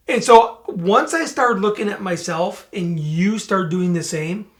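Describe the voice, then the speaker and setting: A man's voice: high voice, unhurried. A middle-aged man co-hosting a talk show, speaking earnestly in casual chat and acting out quoted lines. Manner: earnest, storytelling, animated quoting. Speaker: podcast co-host.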